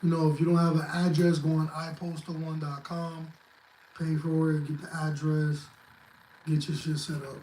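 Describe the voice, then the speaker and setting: A man's voice: on the high side, level tone, normal speed, warm tone, echoey room, a little hiss or hum, poor audio. A man chatting as a guest on a livestream, blunt and profane as he gives emphatic advice. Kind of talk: casual livestream chat.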